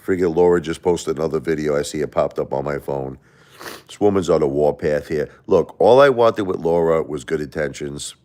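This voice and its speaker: A man's voice: rumbling low, a little fast, a little mellow. A middle-aged man hosting a livestream, talking emotionally and defensively to viewers, rambling with repeated words and restarts. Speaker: livestream host.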